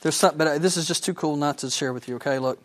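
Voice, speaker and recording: Animated man teaching the Bible. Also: a little high, quick pace, slight background noise. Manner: animated and enthusiastic, asks the audience questions. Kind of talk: sermon.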